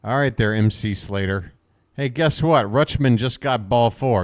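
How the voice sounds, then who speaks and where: A man calls a baseball game live for a stream in a mid-range voice. He wisecracks and chats with his viewers between pitches, switching easily from the count to the banter. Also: unhurried. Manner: chatty, wisecracking, talks to viewers in chat. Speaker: fan play-by-play commentator.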